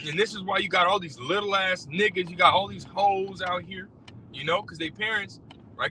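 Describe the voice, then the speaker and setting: A man's voice: sits high, normal speed, bright, forceful tone. A man who drives for a rideshare service, ranting bluntly and profanely about scripture, packed with fillers and repeats. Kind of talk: casual religious rant. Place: in a car. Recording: distant mic with faint car noise.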